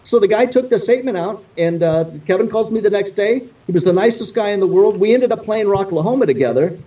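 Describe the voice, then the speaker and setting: A male guest guitarist telling stories in a casual, animated, profane way, acting out the dialogue he quotes. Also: high voice, fast, recorded from a distance, low-quality recording. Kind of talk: casual storytelling.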